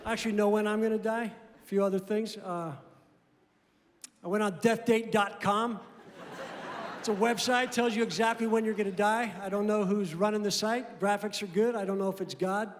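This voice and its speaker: A man doing a stand-up comedy set on stage, with dry, deadpan delivery and acted-out dialogue. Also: high voice, moderate pace, a little hiss or hum. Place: comedy venue stage before a live audience. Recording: roomy hall reverb, audible crowd laughter. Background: audience laughing.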